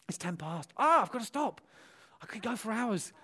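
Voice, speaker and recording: A man's voice: high-pitched, normal speed, breathy edge. A man, a pastor preaching a sermon to his church, telling stories and acting out dialogue, with frequent cries of hallelujah and amen. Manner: animated, exclaims hallelujah and amen; storytelling, acts out quoted dialogue.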